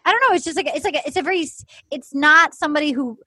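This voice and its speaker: High-pitched woman rambling on a podcast, lots of "like", dry close mic. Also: rapid-fire, sharp tone, no echo. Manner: rambling, full of "like" and restarts. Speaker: podcast co-host. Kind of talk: casual chat.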